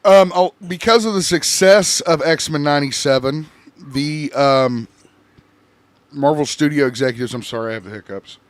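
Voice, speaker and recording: Swearing casual podcast host, dry sound. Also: male voice, fairly high pitch, normal speed, smooth, no room sound. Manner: loose, profane, rambling. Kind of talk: casual chat.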